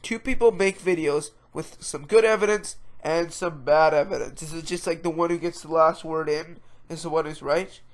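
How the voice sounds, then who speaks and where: A man's voice: on the high side, fairly even intonation, normal speed, few pauses. A man with a stuffed-up nose hosting a podcast, ranting in an exasperated, rambling way about online drama. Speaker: podcast host. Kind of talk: casual ranting commentary.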